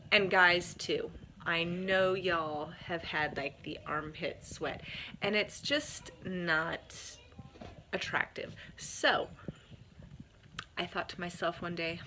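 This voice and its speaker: A woman, a mom chatting casually with a bubbly, laughing, energetic manner. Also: on the low side, takes it slowly, long pauses, a little hiss or hum. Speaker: mom sharing family tips. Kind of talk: casual chat to camera.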